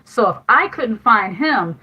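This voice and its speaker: A woman with a slightly high voice talks candidly into a phone or webcam, chatting through a personal story. She laughs often as she goes. The audio is dull and lo-fi, like a home livestream. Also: expressive, a little slow, slightly rough. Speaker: livestream host giving life advice. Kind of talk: casual livestream chat.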